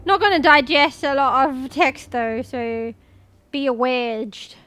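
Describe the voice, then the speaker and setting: Her voice is high and bright, with a slightly slow delivery. She's a young Australian streamer in casual live chat, talking easily with viewers, reading out their comments and cursing without a second thought.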